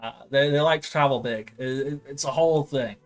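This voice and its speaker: A man's voice: medium pitch, fairly quick, soft background music, lightly acted. A man voicing a bumbling male soldier who stammers and rambles through excuses. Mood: flustered.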